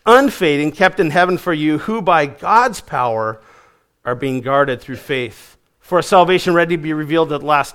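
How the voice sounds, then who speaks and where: Male preacher, high voice, emphatic sermon delivery, repeats lines for stress, drops low at sentence ends. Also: a bit bright. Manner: emphatic preaching, rising on key phrases and dropping low at line ends.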